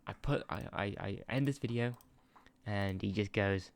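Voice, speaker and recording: A fairly low, fairly quick voice with vocal fry belongs to a gaming channel host chatting over a football management game. He's easily distracted, and he laughs and swears while talking into a sensitive desk mic.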